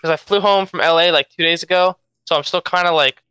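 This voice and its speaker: A young man with a strong Philadelphia accent talks in a laid-back, halting way, often repeating words. His voice is bright and smooth and fairly high, and it sounds dry and close to the mic. He is a jet-lagged player chatting as an interview guest. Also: steady tone, dry recording. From Philadelphia, USA. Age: young adult. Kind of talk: casual interview answers.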